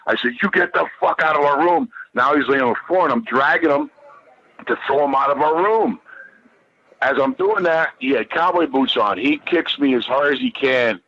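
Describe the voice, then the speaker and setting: A man's voice: medium pitch, expressive, moderate pace, a bit bright, highs cut off. A man who is a guest on a podcast, telling a rambling, heated, profane story and repeating himself as he goes.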